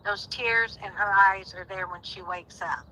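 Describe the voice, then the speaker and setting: A woman in her sixties with a medium-pitched, pushed and bright voice calls in to a live stream, speaking unhurriedly with fairly even intonation over a low-quality recording. She talks earnestly and pleadingly in this emotional call, her voice rising sharply as she becomes indignant.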